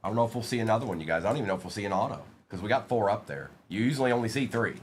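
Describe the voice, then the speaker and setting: A man running a live card break stream, calling out each pull and chatting playfully with viewers. His pitch swings around a lot as he talks, and a faint ambient hiss sits under the voice. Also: lively intonation, rapid-fire. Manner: playful banter, reading out names to a live chat.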